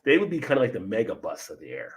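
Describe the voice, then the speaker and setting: A man's voice: on the low side, quick pace, background noise. A man hosting a casual live beer chat, telling stories with emphatic repeats. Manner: animated storytelling, emphatic repeats. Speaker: host.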